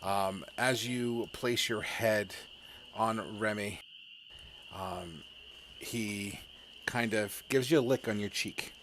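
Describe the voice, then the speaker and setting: A man's voice: lowish voice, slow pace, pauses often, a bit bright, a little hiss or hum. A man narrating a tabletop game as game master in a casual, chatty way. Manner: casual, chatty, laughs often, many fillers.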